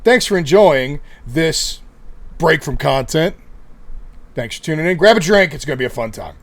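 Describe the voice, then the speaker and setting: A male streamer and game master who yells and swears excitedly at video games. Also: on the high side, moderate pace, noisy background. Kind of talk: streamer commentary.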